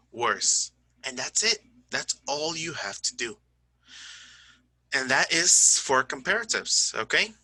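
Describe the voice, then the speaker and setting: A man's voice: medium pitch, pushed and bright, no echo, low-quality recording. A man teaching an English grammar lesson over a screen recording, explaining step by step, often checking in with "okay?" and owning small slips. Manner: self-correcting, says "my bad".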